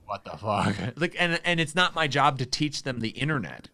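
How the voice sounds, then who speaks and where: A man's voice: medium pitch, very animated, normal speed, sharp tone, no echo. A man co-hosting a podcast, chatting casually and telling a story animatedly, acting out the quoted voices and laughing along. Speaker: podcast co-host; phone line worker.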